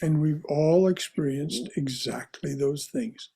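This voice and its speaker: Man teaching a study class, husky, mellow, slightly high, gentle with frequent restarts. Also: takes it slowly. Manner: gentle, often restarts and repeats words. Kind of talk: leading a religious study class.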